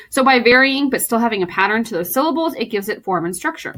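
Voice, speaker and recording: A woman teacher giving a recorded lesson to her students, playful and warm, reading poems aloud and explaining them. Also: fairly high pitch, expressive, fast talker, hardly any pauses.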